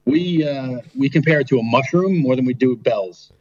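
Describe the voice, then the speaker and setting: A man's voice: medium pitch, moderate pace, a little mellow, no room sound. A man on a casual video call, curious and guessing at slang, often asking for spellings, with muffled internet audio.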